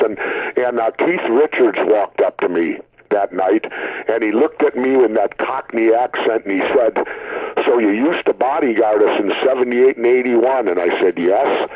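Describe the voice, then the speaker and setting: A middle-aged man tells stories in a relaxed, easygoing way, stumbling over his words now and then. His voice sits at an ordinary pitch. It comes through a thin, tinny phone line. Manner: relaxed anecdotal, repeats words. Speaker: interview guest, former governor. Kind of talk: casual storytelling interview.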